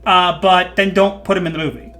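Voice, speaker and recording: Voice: mid-range voice, fairly even intonation, fairly quick, a bit bright, faint music behind. A podcast host chatting casually, opinionated and laughing often. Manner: opinionated, laughs often, jokey put-on voices. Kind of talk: casual chat.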